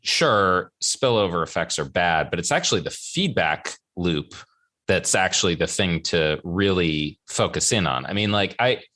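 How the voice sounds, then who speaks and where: A man with a notably low voice hosts an economics podcast. He talks casually and rambles, restarting and reworking his sentences as he goes. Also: expressive, unhurried, pushed and bright. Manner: rambling, self-correcting, conversational. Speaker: podcast host.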